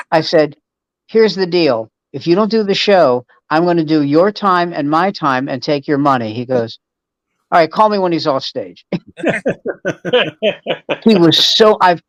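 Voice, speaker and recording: A man's voice: fairly high pitch, moderate pace, dry recording, poor audio. A man, a veteran standup comedian hosting the show, telling a profane story and acting out the voices of the people in it. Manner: animated anecdote teller, acts out voices, profane. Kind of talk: casual chat.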